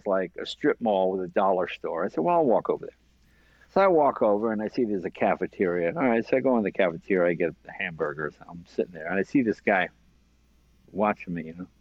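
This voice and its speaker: Man telling lively anecdotes. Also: fairly low pitch, dry recording, dull audio. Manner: animated anecdotes, acting out both sides of exchanges. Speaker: comedian and former late-night talk show host; podcast guest. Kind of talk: casual storytelling.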